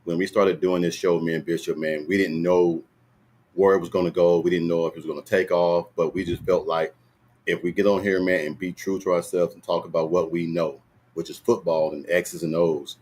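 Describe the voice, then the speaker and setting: A man's voice: sits low, level tone, a little fast, darkish tone. A man hosting a casual online football panel, loosely calling on each guest in turn and joking along. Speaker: show host.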